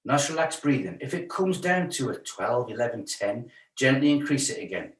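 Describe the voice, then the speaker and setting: A fitness instructor with a mid-range, sing-song voice leads a guided stretch class at a moderate pace. Chatty and joking, he counts the holds, and the recording sounds roomy and distant.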